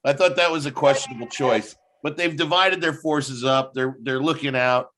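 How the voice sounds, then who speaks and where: A man hosting a casual review chat, animated, laughing often and talking his way through each scene. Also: medium pitch, normal speed, slight background noise. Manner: animated, laughs often, jumps into quoted voices. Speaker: podcast host.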